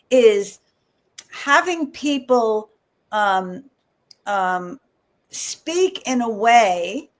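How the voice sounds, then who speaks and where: A woman in her seventies hosting a radio interview, chatty, putting in frequent agreeing interjections. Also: a little high. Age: 70s. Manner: chatty, with many affirming interjections. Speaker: radio host. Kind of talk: interview chat.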